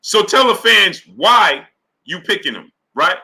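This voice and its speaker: A man hosting a live boxing stream, reading viewer super chats and greeting them by name in an animated, casual way. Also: high-pitched, measured pace, gravelly, poor audio. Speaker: boxing talk show host.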